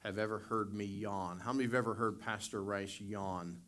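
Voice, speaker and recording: A middle-aged man, a pastor, giving a Sunday school sermon and prayer, whose earnest preaching builds louder and higher as he makes his points. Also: steady tone, normal speed.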